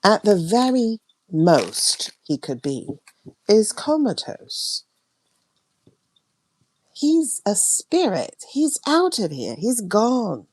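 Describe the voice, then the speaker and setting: A woman hosting a tarot livestream, ranting emphatically and repeating herself, her voice swinging between loud and hushed. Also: mid-range voice, wildly swooping pitch, extremely slow, long pauses, slight background noise. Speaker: tarot reader and livestream host.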